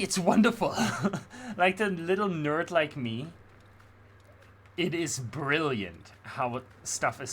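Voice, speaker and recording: A man's voice: medium pitch, sharp tone, a little hiss or hum. A man streaming a video game, rambling in passionate, opinionated casual commentary. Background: game music.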